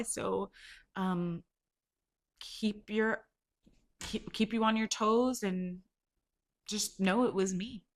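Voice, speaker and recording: A woman's voice: medium pitch, a bit bright. A woman hosting her own podcast, telling a rambling prank story in a casual way, laughing and swearing as she goes. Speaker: podcast host.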